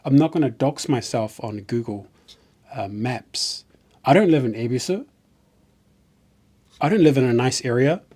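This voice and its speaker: A man's voice: mid-range voice, expressive, unhurried, pauses often, a little mellow. A man from New Zealand with a New Zealand accent, chatting casually on a live stream in a rambling way and often restarting his sentences.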